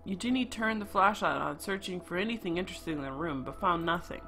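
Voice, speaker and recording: A game streamer reading a story game's narration aloud, with quick asides of their own. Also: mid-range voice, lively intonation, sharp tone, soft background music.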